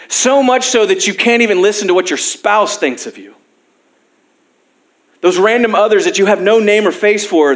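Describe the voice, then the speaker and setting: A young man preaching a sermon as pastor, telling personal stories with self-deprecating humor and frequent laughs. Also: sits high.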